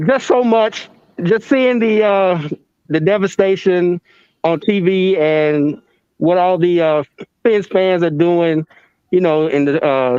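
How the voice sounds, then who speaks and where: A man in his fifties with a high, smooth voice, soft-spoken and modest as he chats on a video call. The sound is dry and a little dull. He is from Memphis, Tennessee. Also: no echo. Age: 50s. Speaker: caller and donor. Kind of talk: casual chat.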